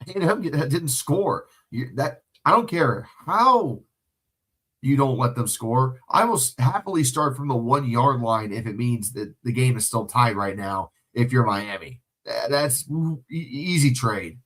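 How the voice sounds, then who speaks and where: A man's voice: mid-range voice, lively intonation, a little slow, a bit bright. A young man streaming a live watch-along, calling plays from home with emotional, profane outbursts and chatting with viewers. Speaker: livestream watch-along host. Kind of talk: excited live play-by-play commentary with chat. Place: home room.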